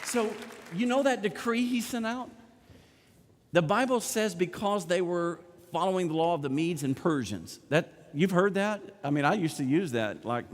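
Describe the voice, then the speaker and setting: A man's voice: high-pitched, lively intonation, moderate pace, a faint crowd. A middle-aged male pastor preaching a sermon, animatedly retelling a story and acting out the characters' lines. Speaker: senior pastor. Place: large church sanctuary. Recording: long church hall reverb.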